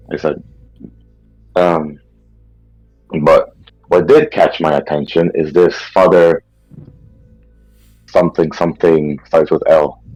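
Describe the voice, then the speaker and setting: Deep-voiced man playing a tabletop game. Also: a little mellow, dry recording, highs cut off. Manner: rambling, chatty. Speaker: player. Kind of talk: casual tabletop role-play.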